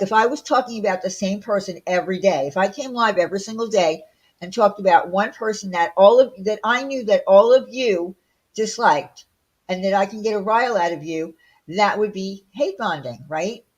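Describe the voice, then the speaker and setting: A middle-aged woman from Long Island talks, blunt and indignant as she hosts a casual livestream rant. She fires off rhetorical questions at a medium pitch in a loose, conversational delivery. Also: moderate pace, husky, lo-fi sound. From Long Island, New York. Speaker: livestream host.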